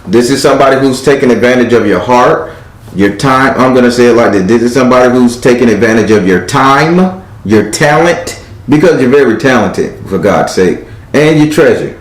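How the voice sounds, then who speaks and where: A man's voice: medium pitch, normal speed. Blunt, profane man reading tarot, echoey. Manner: blunt, profane, animated, acts out quoted lines. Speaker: tarot card reader. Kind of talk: live-stream tarot reading, blunt advice.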